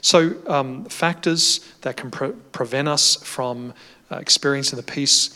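A man teaching a Bible lesson in a panel discussion, measured, with many fillers and restarts. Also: mid-range voice, sharp tone. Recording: reverberant hall.

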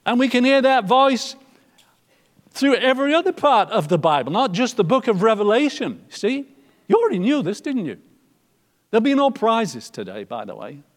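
High-voiced preacher, loud then hushed. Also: male voice, very animated, normal speed, in a large hall. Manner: swings from loud emphatic lines to soft near-whispers. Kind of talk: sermon.

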